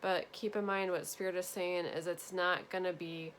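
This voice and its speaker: Earnest, low-voiced woman giving a tarot reading. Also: level tone, moderate pace, slight background noise. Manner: gentle, earnest, repetitive reassurance. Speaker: tarot reader. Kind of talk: spiritual tarot reading to viewers.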